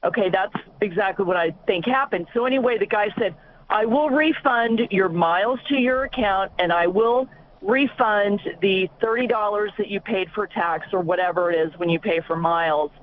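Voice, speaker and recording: A woman's voice: medium pitch, normal speed. A woman calling in to a talk show, indignantly retelling a complaint in a rush. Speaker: caller. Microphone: phone. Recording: tinny phone line with faint hiss.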